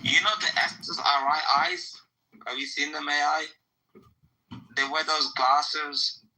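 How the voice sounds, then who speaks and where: A man in casual podcast chat with a very bright, tense, sharp-edged voice. He rants heatedly, swears freely and keeps repeating himself as he talks over his co-host. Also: fairly high pitch, little pitch movement, unhurried, low-quality recording. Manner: heated, profane ranting with lots of repetition.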